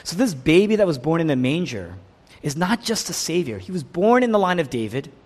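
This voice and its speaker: A man preaching a sermon, animated, swinging between loud emphatic lines and hushed, slow ones. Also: on the high side. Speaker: pastor. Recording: long hall reverb.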